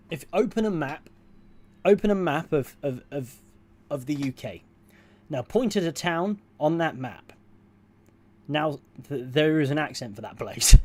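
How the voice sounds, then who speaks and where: A man from southwest England with a mostly received pronunciation accent touched by West Country and Northern sounds, casually answering viewer questions, rambling and correcting himself. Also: fairly high pitch. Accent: English, received pronunciation with West Country and Northern touches. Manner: rambling, self-correcting, chuckles often. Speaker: streamer reading chat.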